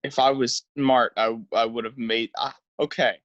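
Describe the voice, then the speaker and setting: A young man co-hosts a casual podcast, rambling through his thoughts with frequent "like"s and false starts. His voice sits at an ordinary middle pitch, and the recording is dry and close. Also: steady tone, normal speed, fairly bright tone, dry recording, muffled recording. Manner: rambling, hesitant with restarts and "like". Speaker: podcast co-host. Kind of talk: casual chat.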